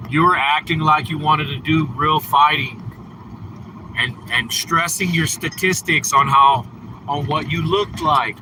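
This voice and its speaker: A man's voice: a little high, measured pace, sharp tone, a little hiss or hum, poor audio. A man livestreaming from a car, teasing and scolding viewers in his chat in casual talk. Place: in a car on a snowy road.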